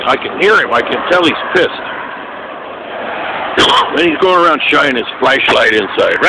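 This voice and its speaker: A man's voice: medium pitch, very noisy. A man angrily telling his own complaint outdoors beside his parked car, profane and rambling. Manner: indignant, profane, rambling with restarts. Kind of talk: angry rambling monologue.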